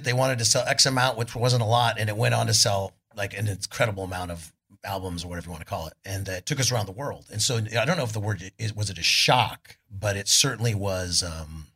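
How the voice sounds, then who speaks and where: A middle-aged man from California, a guest musician telling laid-back, animated stories at a live podcast show, acting out what others said. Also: fairly low pitch, slightly rough. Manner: laid-back, animated storytelling with voices for quotes. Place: arts club on stage before an audience.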